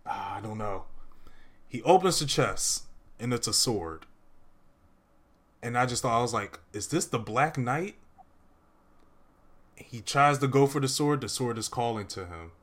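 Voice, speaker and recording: A man's voice: mid-range voice, expressive, unhurried, long pauses, a bit bright. A young man hosting a casual movie review chat, rambling through his recap with lots of "uh" and "like".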